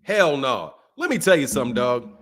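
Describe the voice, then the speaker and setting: A middle-aged man hosting a boxing channel, ranting and mocking his critics with heavy profanity, swinging between loud and soft. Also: mid-range voice, big pitch swings, normal speed. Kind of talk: ranting commentary.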